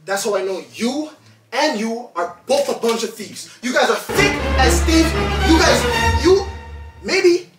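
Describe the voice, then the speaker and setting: A man hosting a family vlog, loudly accusing and repeating himself in a heated argument at home. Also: extremely high pitch, expressive, measured pace, music in the background. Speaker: vlog host and father. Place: bedroom at home. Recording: echoey room, mic far off, faint noise.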